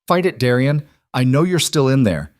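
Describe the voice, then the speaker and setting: A man's voice: mid-range voice, very animated, moderate pace, a little mellow, dry recording, studio quality, pitched above the performer's own voice, natural voice. A man voicing a fierce, determined young she-wolf heroine with an urgent, defiant manner. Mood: pleading.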